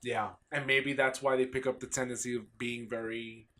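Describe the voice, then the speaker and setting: A man hosting a casual podcast, teasing his co-host with quick jokes. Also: medium pitch, little pitch movement, sharp tone. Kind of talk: casual chat. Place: home basement studio.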